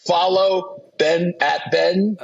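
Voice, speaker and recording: A man's voice: high voice, steady tone, drawn-out words, vocal fry, slightly rough, dull audio. A man co-hosting a podcast, chiming in with crude, teasing questions and jokes. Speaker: podcast co-host. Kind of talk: casual chat.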